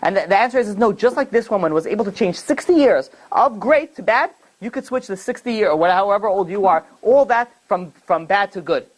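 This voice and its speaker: A man, a rabbi, giving a conversational Torah class and telling a story in a lively, informal way. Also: high-pitched, fast talker, few pauses, rough recording. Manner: conversational, animated storyteller with fillers.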